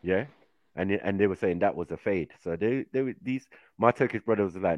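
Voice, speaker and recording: A man's voice: deep voice, quick pace, a little mellow, no echo. A man chatting casually on a podcast, slangy, putting on voices and laughing often. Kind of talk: casual chat. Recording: dry, dull lo-fi sound.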